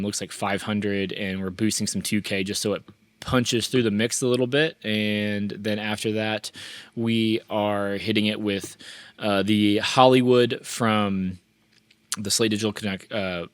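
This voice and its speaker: A man hosting a relaxed mixing tutorial, talking through his plugin settings with frequent restarts and fillers. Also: fairly low pitch, no echo. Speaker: mixing engineer and tutorial host. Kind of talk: casual screen-share mixing walkthrough.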